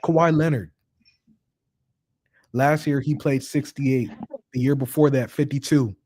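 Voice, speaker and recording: A man's voice: mid-range voice, fairly even intonation, measured pace, a little mellow, slightly rough. A man co-hosting a sports podcast, reading out player stats. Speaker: podcast co-host.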